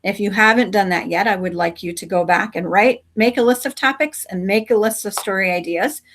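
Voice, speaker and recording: A woman teacher with a medium-pitched voice speaks fairly quickly as she reads her class a story, teaching in a friendly way with questions and soft asides.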